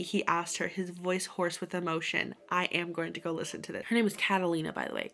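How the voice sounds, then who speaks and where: A woman's voice: fairly low pitch, fairly even intonation, a little fast, few pauses, fairly bright tone. A woman hosting a casual book vlog, chatting about a novel she is reading and laughing often as she goes. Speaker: booktube host.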